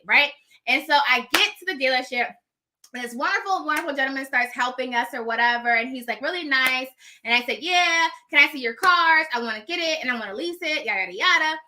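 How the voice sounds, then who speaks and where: A woman telling a personal story in casual style, animated, laughing often and acting out the dialogue. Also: high-pitched, fast. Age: adult with children.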